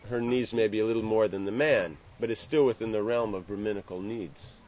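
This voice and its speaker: A man giving an informal scripture class. He speaks haltingly, restarting phrases and tagging lines with "you know". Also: fairly low pitch, steady tone, darkish tone. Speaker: religious teacher. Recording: dull lo-fi with faint ambient hiss.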